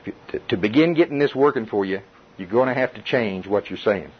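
A middle-aged man preaching to a Bible study group in a lively, conversational way, with chuckles and repetition. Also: fairly low pitch, fast, a little hiss or hum. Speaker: pastor. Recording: dull muffled recording.

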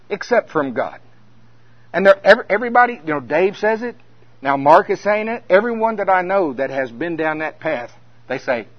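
Male preacher, storyteller who drops quiet then builds loud, muffled lo-fi audio. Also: high voice, sing-song, moderate pace, no room sound. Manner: storytelling, swings from hushed to loud. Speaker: minister. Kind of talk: conference sermon. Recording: dull lo-fi sound.

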